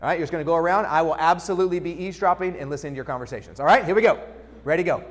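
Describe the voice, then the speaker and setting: A man's voice: on the high side, racing. A man giving a keynote talk in a conference hall. He coaches the audience in a casual, direct way and often checks in with "okay?". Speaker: keynote speaker. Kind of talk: motivational keynote with audience exercise. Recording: long hall reverb.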